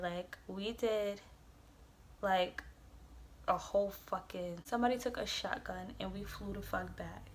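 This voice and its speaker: A woman's voice: medium pitch, a little slow, a little hiss or hum. A young adult woman vlogger telling a storytime tale, rambling and swearing, with lots of "like". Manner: rambling, profane, filled with "like". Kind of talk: storytime vlog.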